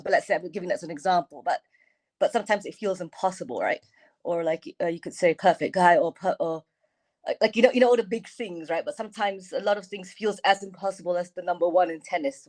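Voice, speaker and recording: A woman's voice: on the low side, fast talker, a little mellow. A woman taking part in a class, asking a question hesitantly and searching for her words.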